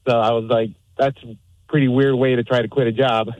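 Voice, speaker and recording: A man phones in to a radio show and tells his story in a relaxed, matter-of-fact way. His voice sits at an ordinary middle pitch. The sound is dry and close, with no room around it. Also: a little fast, no echo, dull audio. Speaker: caller. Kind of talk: telling an anecdote on a radio call-in.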